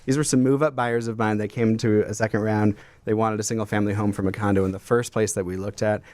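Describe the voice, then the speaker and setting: A man's voice: on the low side, level tone, quick pace, a little mellow, dry recording. A man, a real estate broker, telling client stories in a casual radio talk with studio mics. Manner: storytelling, quotes clients.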